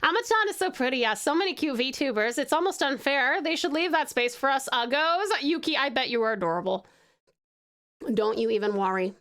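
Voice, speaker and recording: A woman's voice: high voice, expressive, normal speed, a bit bright. A young Australian woman chatting casually with her live chat while drawing, swearing freely and laughing often. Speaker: VTuber streamer.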